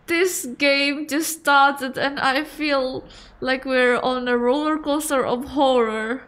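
Woman streamer, high voice, unhurried, emotive let's-play commentary. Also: fairly even intonation, a bit bright. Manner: emotive, reacting aloud.

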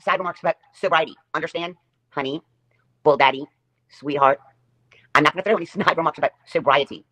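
A woman's voice: fairly low pitch, bright, forceful tone. A woman hosting her own livestream, delivering a sarcastic, taunting rant and repeating her jabs over and over. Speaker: livestream host.

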